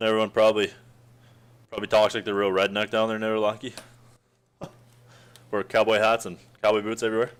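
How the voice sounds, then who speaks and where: A man's voice: lowish voice, completely flat delivery, fast, long pauses, a bit bright, smooth. A man with a Western Canadian accent chatting casually to stream viewers, rambling with lots of fillers and frequent chuckles. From Alberta, Canada.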